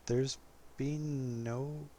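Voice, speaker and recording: A man giving relaxed, casual commentary over his own gameplay footage, chuckling often and poking fun at himself. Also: medium pitch, very slow, slight background noise.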